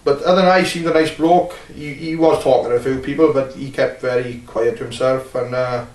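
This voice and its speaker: A Welsh man, a wrestler, talking bluntly and rambling with many filler pauses in a casual interview. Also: mid-range voice, fairly even intonation, a little mellow. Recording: roomy, distant mic.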